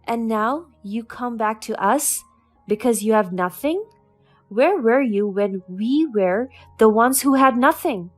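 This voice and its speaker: A woman's voice: a little high, expressive, takes it slowly, faint music behind. A woman reading as a cold, defiant young woman. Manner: cutting, firm.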